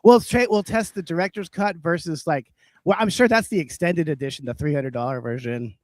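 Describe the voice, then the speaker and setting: A man's voice: on the high side, brisk, darkish tone, no room sound. A man co-hosting a livestream in casual comedic chat, ranting, swearing and laughing as he tells stories. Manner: profane, ranting, laughs often. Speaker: livestream co-host.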